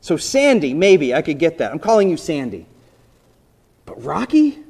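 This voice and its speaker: A man preaching a sermon in a conversational storytelling manner, briefly acting out the people in the story and dropping to a soft voice for emphasis. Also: fairly high pitch, big pitch swings, normal speed, gravelly, breathy edge. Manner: conversational storytelling, voicing biblical characters, drops to soft emphasis. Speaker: pastor.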